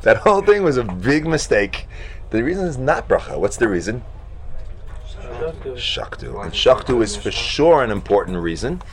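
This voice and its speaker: A man leading a Talmud class, animated, acting out the voices in the debate and breaking into shouts. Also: mid-range voice, moderate pace. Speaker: Talmud teacher. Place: classroom with students.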